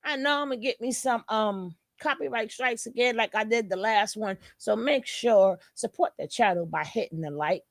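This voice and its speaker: A woman's voice: a little high, moderate pace, creaky, hardly any pauses, no room sound, clean studio sound. A woman with a New York accent, hosting a channel and giving blunt, profane, heated reaction commentary. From New York City. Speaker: channel host.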